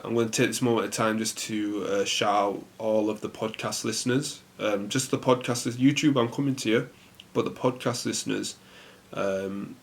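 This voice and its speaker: A young man hosting a casual solo podcast, rambling in a relaxed way with lots of fillers. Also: medium pitch, vocal fry. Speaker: podcast host.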